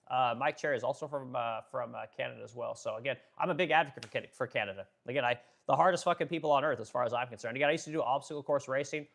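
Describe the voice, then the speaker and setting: A man's voice: mid-range voice, very fast, creaky, fairly bright tone. A young adult man from the Pacific Northwest hosting a casual livestream, reading chat and talking bluntly with profanity and lots of fillers. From Pacific Northwest, Oregon.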